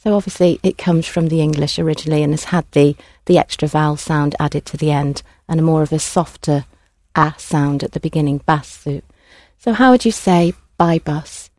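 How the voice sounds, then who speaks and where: Patient woman language teacher, mellow voice. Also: sits low, a little fast, no echo, studio quality. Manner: clear, patient prompting of students. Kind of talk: classroom instruction.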